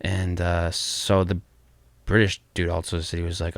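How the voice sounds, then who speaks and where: A man's voice: low-pitched, completely flat delivery, normal speed, no echo. A man hosting a podcast in casual chat, rambling, laughing often and swearing freely. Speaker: podcast host.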